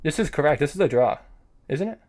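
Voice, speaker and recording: A man's voice: fairly high pitch, expressive, fast talker, a little mellow. A young man commenting on his own online chess games as he plays, thinking aloud and scolding himself in casual slang. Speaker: chess streamer. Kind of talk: live-streamed gameplay commentary.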